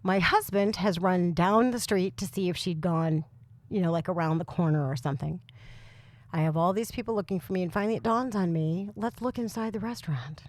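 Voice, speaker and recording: A woman in her thirties or forties with a very loud voice, co-hosting a podcast and telling a comic story with lots of laughs and exasperation. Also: lowish voice, fairly quick, dry recording. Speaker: podcast co-host. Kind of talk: casual chat, comic storytelling.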